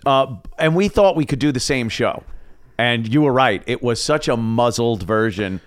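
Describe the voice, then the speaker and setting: A man, a former radio host telling stories in a relaxed podcast chat, pausing often on "uh". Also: medium pitch, dry recording, studio quality. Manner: relaxed, laughs easily, many "uh" pauses. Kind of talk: casual storytelling chat.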